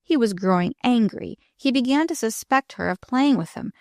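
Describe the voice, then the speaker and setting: Woman narrator, audiobook, lively expressive reading, dry close sound. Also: fairly high pitch, moderate pace, no room sound.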